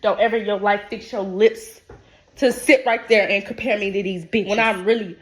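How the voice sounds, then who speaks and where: A woman's voice: mid-range voice, steady tone, moderate pace. A woman hosting a podcast, talking in a brash, profane, sassy monologue about loving herself. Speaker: podcast host. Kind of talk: unscripted motivational monologue.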